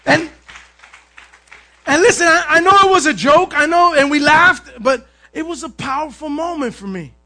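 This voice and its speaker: High, bright-voiced preaching man. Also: moderate pace, a faint crowd. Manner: energetic preaching, often shouting; asks the congregation "Amen?". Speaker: pastor. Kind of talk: sermon.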